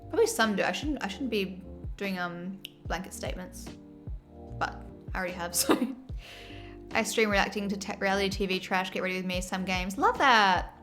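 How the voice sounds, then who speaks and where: A woman's voice: medium pitch, a little fast, a bit bright, faint music behind. An Australian woman streamer chatting casually and laughing as she reads her chat aloud.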